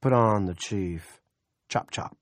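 A man's voice: on the low side, dry recording. A man doing a smug scheming town boss. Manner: slow, condescending and self-satisfied. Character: smug scheming middle-aged male town politician.

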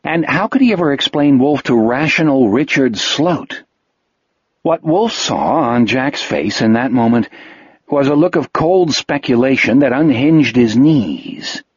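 Guy reading an audiobook, kinda husky voice, dry dull sound. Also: medium pitch, lively intonation, no echo. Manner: measured storytelling. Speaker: audiobook narrator. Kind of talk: scripted narration.

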